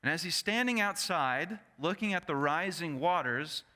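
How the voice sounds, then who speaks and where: A male pastor preaching a sermon in an animated storytelling manner, often turning to the congregation with asides. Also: fairly high pitch, normal speed. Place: church sanctuary. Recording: echoey church sanctuary.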